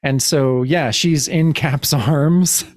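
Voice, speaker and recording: A man's voice: fairly high pitch, slow, dry recording, clean studio sound. A man guest on a podcast, recapping a comic in casual chat, laughing often and restarting his sentences.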